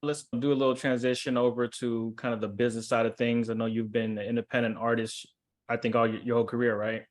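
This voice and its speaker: A man's voice: mid-range voice, flat delivery, fast talker. A man hosting a casual interview, easygoing, asking long rambling questions. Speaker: interview host.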